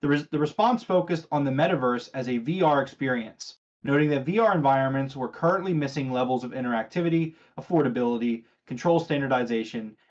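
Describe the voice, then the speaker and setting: This gaming podcast host is a man with a medium pitch who talks quickly with hardly any pauses, captured on a muffled recording. In the casual show, he reads news aloud and quizzes his co-hosts, chatty and sarcastic as he leads things.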